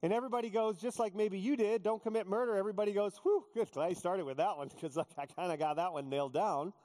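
A male pastor preaching a sermon, joking with the congregation and acting out quotes in animated storytelling. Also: high voice, quick pace. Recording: long hall reverb.

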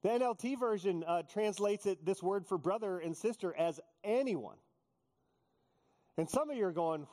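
Man, pastor, high voice, jokey sermon, acts out quotes, long hall echo. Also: moderate pace. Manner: joking, animated storytelling with acted-out quotes.

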